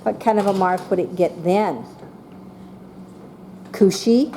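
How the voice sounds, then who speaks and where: A woman teaching a class of young children, speaking slowly and patiently and calling on each child by name. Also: medium pitch, slight background noise. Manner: slow and patient, calling on children by name, voicing excited examples.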